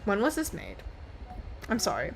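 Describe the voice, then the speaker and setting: A woman's voice: mid-range voice, wildly swooping pitch, moderate pace, vocal fry, faint music behind. A woman in her twenties casually playing a game, reading its text aloud and giggling often. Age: 20s. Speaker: gaming streamer. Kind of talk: casual let's-play commentary.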